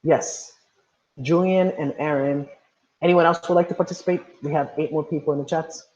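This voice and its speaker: A man's voice: a little high, fairly even intonation, moderate pace, a little mellow. Man teaching an online class, lo-fi sound. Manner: encouraging, calls on students by name. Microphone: video call.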